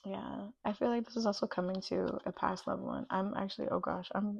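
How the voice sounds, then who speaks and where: A woman gives a pick-a-card tarot reading in a gravelly, fry-laden voice. She gushes and gets emotional, scattering "like" through every thought. The recording sounds dull and lo-fi, with a dry, close sound. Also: mid-range voice, steady tone, a little slow, no room sound. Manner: gushing and emotional, many "like" fillers. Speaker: tarot reader.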